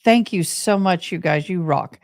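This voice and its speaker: A woman's voice: on the low side, a little slow, no echo, clean studio sound. Chatty Texan woman telling a story. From Texas, USA. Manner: chatty, animated, talks to viewers as y'all. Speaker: livestream host. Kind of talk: casual storytelling to live chat.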